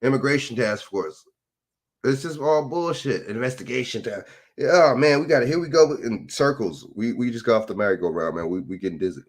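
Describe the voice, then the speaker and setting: A man's voice: medium pitch, brisk. A man, ranting casually into a phone, rambling and profane with repeated rhetorical questions. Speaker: commentator. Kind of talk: casual political rant.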